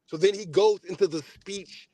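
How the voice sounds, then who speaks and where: A man on a podcast telling a story in casual chat, profane and animated, acting out both sides of a phone call. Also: sits high, moderate pace, crowd noise. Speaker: podcast host.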